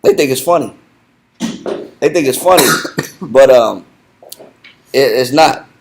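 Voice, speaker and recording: A man leading a Bible study lesson in a conversational, animated way, repeating himself and laughing often. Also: mid-range voice, slow, vocal fry, slight background noise, rough recording. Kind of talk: conversational teaching.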